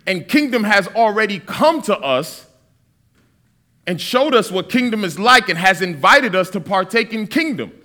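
Animated high-voiced preacher man. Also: normal speed. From Massachusetts. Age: 30s. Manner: animated, joking storyteller with Bible readings. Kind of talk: sermon.

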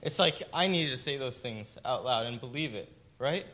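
A man's voice: mid-range voice, lively intonation, moderate pace, sharp tone. A man giving an emotional personal testimony, speaking earnestly and often checking in with the listener. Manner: emotional, earnest, tag questions.

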